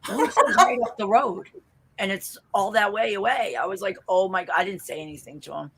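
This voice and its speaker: A woman with a thick Boston accent telling stories in a casual video-call chat, animated and blunt, swearing and laughing often. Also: medium pitch, fairly quick, background noise. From Boston area, US. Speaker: interview guest.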